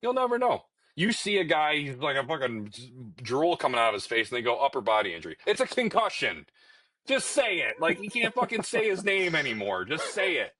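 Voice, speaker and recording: A man's voice: on the high side, sing-song, normal speed, pushed and bright, no room sound, rough recording. Ranting, profane young man on a podcast. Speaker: podcast co-host. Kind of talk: casual chat.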